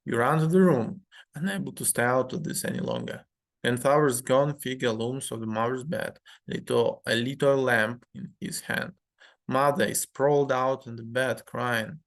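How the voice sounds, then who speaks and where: A man reading a story game aloud in a measured way, adding his own commentary with fillers. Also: mid-range voice, gravelly.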